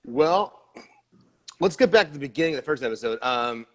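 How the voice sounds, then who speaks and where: A man talking casually on a podcast panel, animated and joking, often stammering and restarting his sentences. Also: mid-range voice, a little fast. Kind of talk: casual sports-podcast chat.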